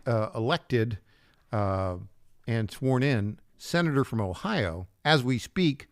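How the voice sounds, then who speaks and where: A male talk radio host giving political commentary between clips. He talks in a lowish voice with wry asides and little chuckles, and the sound is dry and close on a studio mic. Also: gravelly, dry recording. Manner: wry asides, repeats the call-in number, chuckles at his own jabs.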